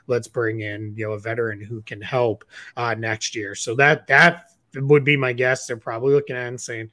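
A man's voice: mid-range voice, little pitch movement, moderate pace, bright, forceful tone. Man with a Boston accent talking hoops. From Boston area. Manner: explanatory, frequent fillers and restarts. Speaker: podcast co-host, basketball analyst. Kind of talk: casual sports chat.

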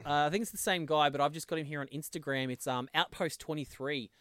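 A man's voice: on the high side, fast talker, fairly bright tone, no echo. A man co-hosting a podcast in playful banter, often laughing. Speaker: podcast co-host. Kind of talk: casual chat.

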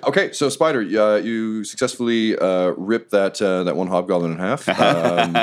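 A man narrating as game master of a tabletop role-playing game, lively and quick to laugh. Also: on the low side. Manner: lively, laughing narration with shouted character lines.

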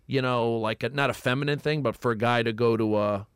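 A man's voice: mid-range voice, fairly quick, smooth, dry recording, clean studio sound. A man co-hosting a podcast in casual chat, telling rambling stories with restarts. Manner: relaxed, rambling storytelling with restarts.

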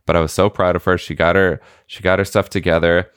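A man's voice: low-pitched, brisk, clean tone, dry recording, clean studio sound. A man in his late thirties, a podcast co-host, telling a family story in casual chat and acting out the quotes. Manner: animated storytelling, acts out quotes.

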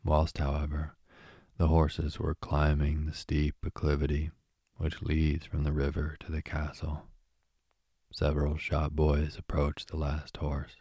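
A man reading a classic novel aloud as a calm bedtime story, in a soft and even way. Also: a bass voice, slightly rough, no echo, studio quality.

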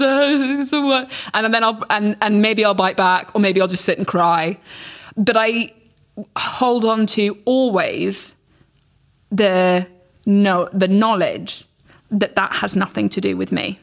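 A young woman speaking as a podcast guest in a frank, animated casual chat, swearing freely and acting out messages she received. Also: medium pitch, unhurried.

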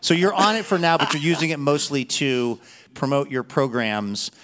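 A man hosting a radio talk show, asking questions in a measured, attentive way with hesitant openings. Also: a little high, animated, fairly bright tone. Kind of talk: conversational interview questions.

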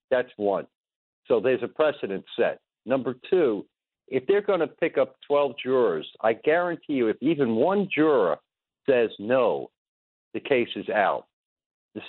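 A man's voice: medium pitch, no room sound. A man calling a radio show who is wry and lays out his points one by one, stumbling over words now and then. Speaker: radio caller. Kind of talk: call-in radio talk. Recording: phone line.

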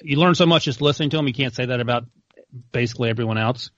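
A young man in casual sports debate as a co-host, opinionated and quick to correct. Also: mid-range voice, a bit bright, dry recording, dull audio. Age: young adult. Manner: fast, opinionated, corrects others.

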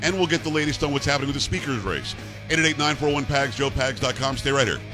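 A middle-aged man hosting a talk radio show, speaking in a brisk, emphatic, bantering way. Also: medium pitch, lively intonation, over music.

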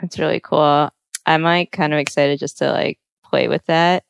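A woman's voice: sits low, fairly even intonation, normal speed, gravelly, clear, resonant tone, no echo. A woman hosting a casual interview, talking loosely with many fillers.

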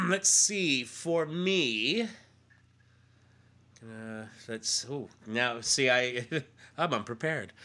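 Bright-voiced rambling man co-hosting. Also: medium pitch, clear, resonant tone. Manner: rambling, many fillers and restarts, laughs often. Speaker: podcast co-host. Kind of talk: casual chat.

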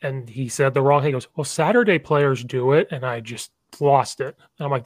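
A man hosting a casual sports podcast, telling lively stories and acting out exchanges between coaches and players. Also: medium pitch, brisk, no echo. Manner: animated storyteller, acts out coach and player exchanges.

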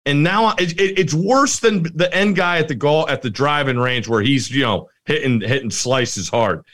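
A man's voice: on the high side, moderate pace, fairly bright tone. A middle-aged man co-hosting a podcast, telling stories animatedly and often breaking into laughter. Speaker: podcast co-host. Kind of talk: casual chat.

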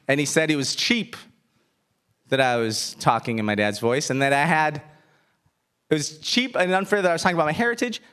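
A man in his thirties, a stand-up comedian, talking in an animated, self-mocking way with frequent laughter. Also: on the high side, smooth. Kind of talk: stand-up set, then interview.

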